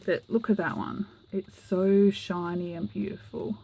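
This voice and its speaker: A woman's voice: mid-range voice, flat delivery, unhurried, warm tone, breathy edge, low-quality recording. A woman, chatting casually and giggling as she shows a handmade journal to the camera. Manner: giggly, chatty, with frequent fillers. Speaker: craft vlogger. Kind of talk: casual show-and-tell.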